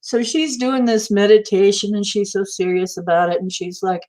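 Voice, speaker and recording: A woman's voice: fairly low pitch, moderate pace, hardly any pauses, darkish tone. A middle-aged woman hosting a livestream who talks casually and rambles through stories and viewer questions. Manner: rambling, storytelling, answers chat viewers. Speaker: livestream host. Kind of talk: casual spiritual talk on a livestream.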